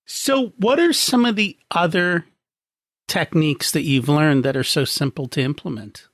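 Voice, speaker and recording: A man's voice: on the high side, moderate pace, fairly bright tone, no room sound, clean studio sound. A man hosting a podcast interview, asking curious questions and trading jokes with his guest. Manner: curious, joking. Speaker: podcast host.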